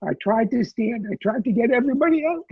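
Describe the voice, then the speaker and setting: A man voicing a collapsing skyscraper that apologizes in a halting, pleading way. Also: extremely high pitch, expressive, gravelly, breathy edge, no room sound, heavily acted. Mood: sorrowful. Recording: tinny phone-like line.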